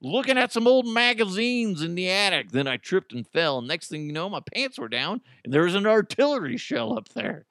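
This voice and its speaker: A man voicing a bewildered old man who insists on a far-fetched excuse, talking in a high, innocent protest. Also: sing-song, moderate pace, few pauses, fairly bright tone, dry recording, full character voice. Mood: protesting innocence.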